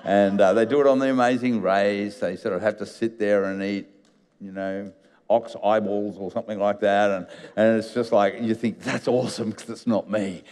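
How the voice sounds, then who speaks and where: A man's voice: lowish voice, normal speed, smooth, big-room sound. A man, a pastor, preaching a sermon in a chatty storytelling way and acting out the scenes he retells. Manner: conversational storytelling, animated retelling. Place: church auditorium.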